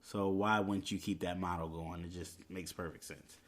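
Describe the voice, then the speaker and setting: A man's voice: deep voice, fairly even intonation, normal speed. A young man hosting a solo podcast, chatting casually about movie news with fillers and chuckles. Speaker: podcast host.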